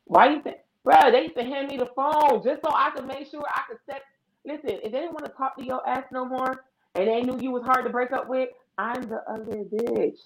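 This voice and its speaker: Animated woman telling stories, echoey room. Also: high voice, fairly quick. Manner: animated storyteller, acts out phone calls in other voices. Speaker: podcast co-host. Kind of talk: casual chat.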